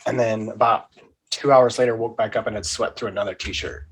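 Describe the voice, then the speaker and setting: A man co-hosting a podcast in casual chat, talking plainly and hesitantly with many pauses. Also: lowish voice, fairly even intonation, husky, low-quality recording. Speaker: podcast co-host.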